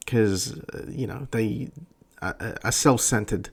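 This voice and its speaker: Gravelly, blunt man ranting. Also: on the low side, slow pace. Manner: blunt, profane, rambling. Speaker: podcast host. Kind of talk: profane opinion rant.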